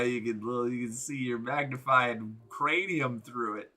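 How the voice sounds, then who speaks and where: A man streaming a game, giving excitable, joking commentary with crude humor. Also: mid-range voice, unhurried, hardly any pauses, soft background music. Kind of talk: gameplay commentary.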